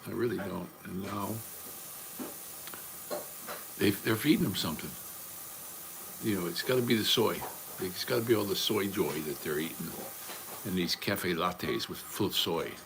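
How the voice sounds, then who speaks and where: Older man, very low voice, blunt and profane, rambling livestream chat, faint background hiss. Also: moderate pace, gravelly, pauses often. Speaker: livestream host.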